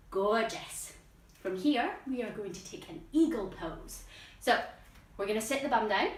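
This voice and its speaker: A woman's voice: fairly high pitch, recorded from a distance. A woman leading a guided children's yoga lesson at home, playful and encouraging, with silly animal noises. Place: room at home with plants. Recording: echoey room, voice off-mic.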